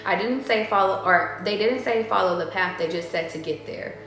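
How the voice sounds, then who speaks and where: A woman with a mid-range, fairly bright voice talks at a moderate pace. She's a tarot reader chatting casually, wandering from story to story, swearing freely and laughing a lot. The room is very echoey, with faint music in the background.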